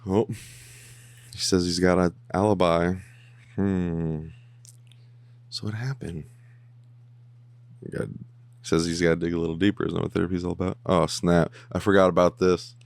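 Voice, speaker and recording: A man with a low voice talks loosely over an episode he is watching, joking and slipping into mock voices of the characters. His mic is close and the sound is dry, with no room in it. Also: little pitch movement, unhurried, creaky, pauses often, darkish tone, no room sound. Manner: rambling and jokey, humming along and mimicking characters. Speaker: podcast host reacting to a TV episode. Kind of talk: casual watch-along commentary. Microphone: headphones on, close mic.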